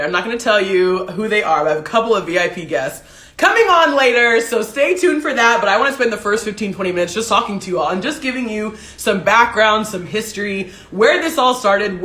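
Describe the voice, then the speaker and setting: A woman's voice: mid-range voice, bright, forceful tone, echoey room. A woman hosting her own livestream, talking to viewers in an emotional, tearful, effusive way. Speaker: livestream show host. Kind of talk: solo livestream talk to viewers. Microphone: desk setup with ring light.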